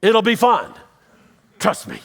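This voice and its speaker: A man's voice: sits high, wildly swooping pitch, slow, gravelly, fairly bright tone. A male pastor preaching a sermon in a church, telling stories conversationally and acting out quoted voices, with dry, self-deprecating humor. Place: church auditorium.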